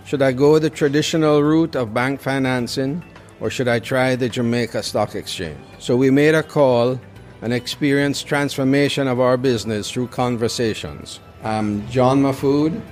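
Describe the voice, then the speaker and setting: A man giving a scripted advertising testimonial as a company executive, in a measured reading. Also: mid-range voice, a little mellow.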